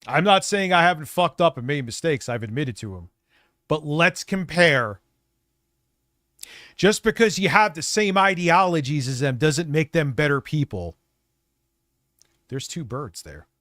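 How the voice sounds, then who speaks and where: A man streaming live, ranting in a profane and defensive way, his voice gravelly from a cold. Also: a little high, animated, measured pace, pauses often, fairly bright tone, dry recording, studio quality. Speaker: streamer reacting to videos. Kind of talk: casual livestream rant.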